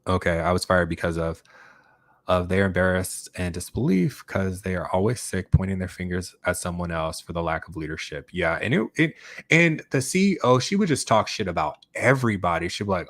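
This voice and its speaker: A man's voice: deep voice, brisk, a bit bright, dry recording. A man hosting a casual livestream chat, rambling with many fillers and restarts as he reads viewer comments. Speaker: YouTube channel host.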